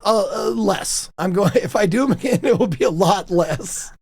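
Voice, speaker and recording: A young man hosting a chat with his mother, telling stories in a casual, animated way and laughing often. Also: high voice, moderate pace, slightly rough, no room sound. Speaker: host interviewing his mother.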